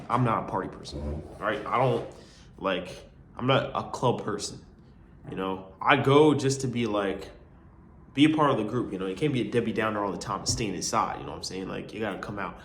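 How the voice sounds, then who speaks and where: A man's voice: on the low side, a bit bright, reverberant, a little hiss or hum. A young man vlogging as a college student, telling a long story in a rambling, slangy way, with lots of asides and "you know what I mean". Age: young adult. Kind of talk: casual storytelling.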